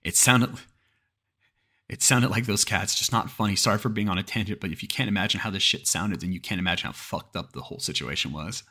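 Deep husky man telling a horror story. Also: fairly quick, bright, forceful tone. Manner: profane, restarts mid-sentence. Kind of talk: creepypasta horror narration.

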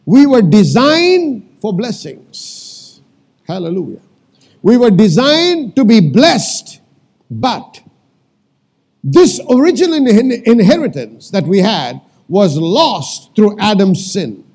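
A man preaching a sermon as pastor, calling out to the congregation and repeating lines for emphasis, sometimes shouting commands. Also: sits high, big pitch swings, slow pace, slightly rough.

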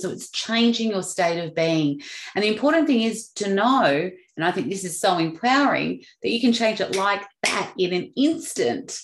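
Lively motivational speaker woman, echoey room. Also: lowish voice. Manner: earnest, animated storytelling with acted-out voices. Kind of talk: motivational talk.

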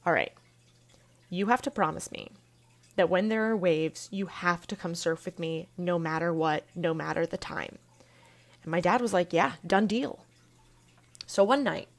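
A young woman hosting her own podcast, telling a family story in a casual, lively way. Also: lowish voice. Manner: casual, animated storytelling with laughs. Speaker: podcast host.

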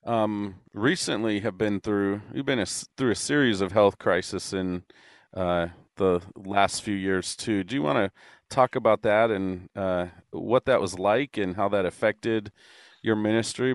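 Male podcast host with a low voice, long rambling questions, dry close-miked sound. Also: clear, resonant tone, no room sound. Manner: asks long, meandering questions with many fillers. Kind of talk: conversational interview.

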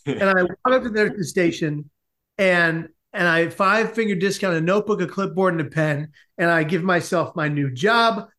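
Animated man telling a story. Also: high voice. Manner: lively, comic, quick asides. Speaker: guest. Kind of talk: animated storytelling in a podcast interview.

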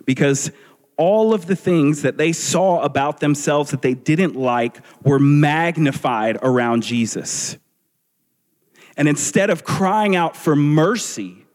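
A man preaching a sermon as a pastor, earnest and measured, asking his listeners rhetorical questions. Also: a little high, a little mellow. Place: church sanctuary. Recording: long reverb of a large hall.

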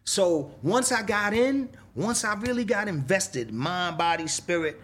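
Animated, expressive New rapper recounting stories. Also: male voice, a little slow. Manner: animated, profane, acts out quoted exchanges with big pitch swings. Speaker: rapper, interview guest. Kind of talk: candid storytelling interview.

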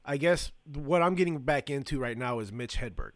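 A man hosts a podcast in loose, casual chat. His voice sits a bit high, and he wanders through stories full of fillers, restarts and swearing. The sound is dry and close. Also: animated, fairly quick, hardly any pauses, no echo. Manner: rambling, profane, lots of fillers and restarts. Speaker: podcast host.

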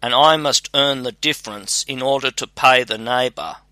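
A man's voice: medium pitch, normal speed, pushed and bright, no echo, natural voice. A man voicing an irritable old woodcutter father who scolds his son in a storybook reading. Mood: scolding. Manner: scolding, gruff.

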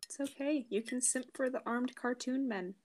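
A young woman with a slightly high voice, co-hosting a podcast over an online call. She teases in a casual, joking way and laughs breathily through her nose. A faint hiss runs underneath. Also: moderate pace, a little mellow. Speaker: podcast co-host. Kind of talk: casual chat.

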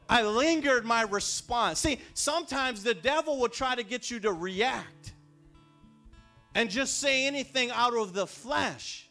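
Man, preacher, sermon, bright tone, fervent storytelling, faint music behind. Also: very high-pitched. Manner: storytelling, builds to fervent shouts.

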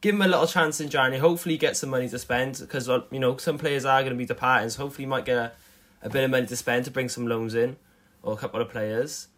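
Fast-talking easygoing young-sounding man. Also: mid-range voice, steady tone, a bit bright. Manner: easygoing, noncommittal. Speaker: podcast co-host. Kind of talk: casual chat.

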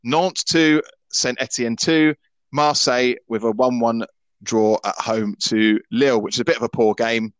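A man's voice: mid-range voice, steady tone, measured pace, no echo. A Scottish man in his thirties hosting a football podcast in casual chat. He is opinionated and often stammers and restarts his sentences. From Scotland. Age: 30s.

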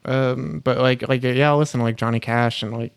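A man's voice: medium pitch, steady tone, a little fast, gravelly, clean tone, no echo. Young guy guesting on a podcast, average voice, lots of ums and like, dry sound. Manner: hesitant, many ums and restarts. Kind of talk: casual chat. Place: podcast studio. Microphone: dynamic mic.

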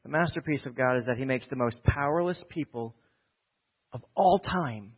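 A male pastor from New Jersey giving a conversational sermon that swings from quiet asides to loud exhortation. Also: mid-range voice, normal speed, breathy edge, highs cut off.

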